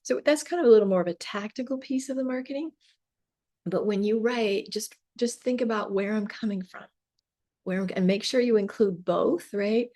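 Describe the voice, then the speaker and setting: A woman business mentor talks straight to her viewers in a loose, chatty way, peppering her speech with asides and quick questions. Her voice sits at an ordinary middle pitch and sounds slightly worn from a long session of talking. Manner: animated, chatty, lots of "like" and "right?". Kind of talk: casual talk to camera.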